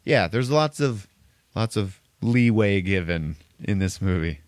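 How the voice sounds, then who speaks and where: A man's voice: lowish voice, expressive, measured pace, dry recording, clean studio sound. A man hosting a podcast, recapping a film plot loosely with lots of swearing. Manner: loose, profane storytelling. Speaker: podcast host. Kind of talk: casual movie recap.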